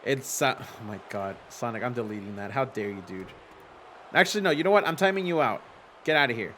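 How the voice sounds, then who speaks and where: A man's voice: medium pitch, lively intonation, a little fast, bright, forceful tone, a little hiss or hum. A man with young children, hosting a casual livestream from a home green-screen setup, chatting with viewers, reading their messages aloud, swearing and laughing easily. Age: adult with young children. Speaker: streamer hosting a simulated wrestling league.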